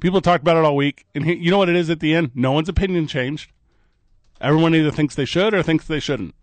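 A man hosting a morning sports talk radio show from a studio, bantering in a quick, joking way. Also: a little high, dry recording. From American Midwest. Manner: animated, quick, joking delivery. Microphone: studio microphone.

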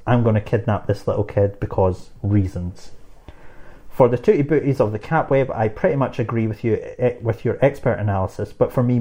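A man co-hosting a relaxed chat, his voice low and mellow. He jokes freely and breaks into laughter as he reads listener emails aloud. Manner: laughing, joking, quick asides. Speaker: podcast co-host.

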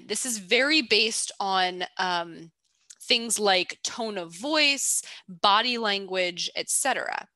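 A woman's voice: medium pitch, pushed and bright, no room sound. A woman co-hosting a podcast, chatting playfully and teasing her co-host while breaking down a film character. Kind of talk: casual analytical chat.

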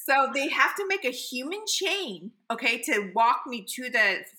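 This is a middle-aged woman co-hosting a casual podcast chat. Her voice is strikingly bright and forceful and sits a touch high. She tells her stories dramatically and breaks into laughter often. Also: a little slow. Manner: animated storytelling, laughing, dramatic. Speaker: podcast co-host.

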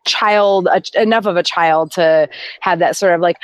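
A woman's voice: fairly low pitch, normal speed, no room sound. A woman on a fan podcast panel, talking in a rambling way with lots of restarts. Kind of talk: casual livestream chat.

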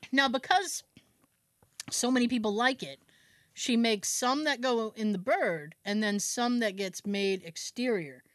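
A woman's voice: a little high, unhurried, no echo, studio quality. A woman co-hosting a podcast, telling a family story in casual chat, acting out relatives' lines with laughter. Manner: animated, acts out family members' lines; frequent "like" fillers and laughter. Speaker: podcast co-host.

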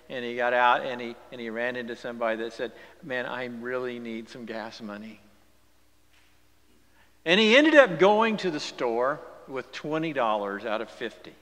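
A male pastor delivering a sermon, swinging from hushed, near-whispered storytelling to loud, rising exhortation in a church. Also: mid-range voice. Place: church sanctuary. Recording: long church reverb with music behind. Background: guitar music.

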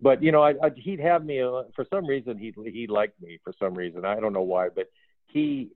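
A man working as a film art director, telling lively behind-the-scenes stories in a casual interview, acting out quoted dialogue and laughing often. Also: medium pitch, a little fast, dry recording. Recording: phone-like dry audio.

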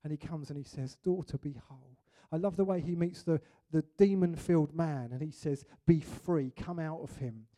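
A man delivers a sermon with an animated, storytelling style, often slipping into little acted-out voices. He grew up in England. His voice sits fairly high for a man, with a soft, mellow tone. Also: normal speed, few pauses. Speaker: preacher.

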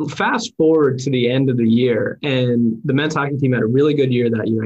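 A man hosting an interview, telling anecdotes in a chatty, animated way. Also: medium pitch, breathy edge, lo-fi sound. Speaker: podcast host and former sports reporter. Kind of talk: casual interview chat with storytelling.

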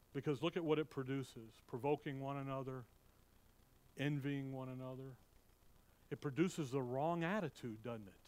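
A middle-aged man preaching a sermon as pastor, animated and anecdotal, moving between loud emphasis and quiet asides. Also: mid-range voice, clean tone.

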